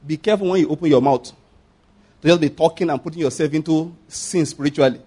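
A man preaching a sermon as pastor, emphatic, often asking the congregation if they follow and swinging between loud and hushed delivery. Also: on the high side, quick pace, husky.

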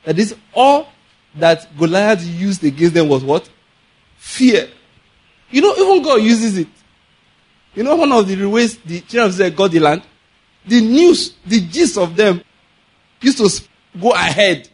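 A Nigerian man preaching a sermon, telling stories in a lively way, laughing often and mixing in pidgin. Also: high-pitched, a little slow, long pauses, slightly rough. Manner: animated storytelling, laughs often, mixes in pidgin. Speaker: pastor.

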